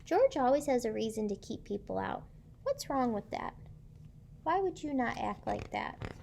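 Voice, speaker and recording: A woman's voice: a little high, big pitch swings, normal speed, gravelly, slight background noise. A woman teacher reading a picture book aloud to children and stopping to ask them questions. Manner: asks children questions, gentle and encouraging.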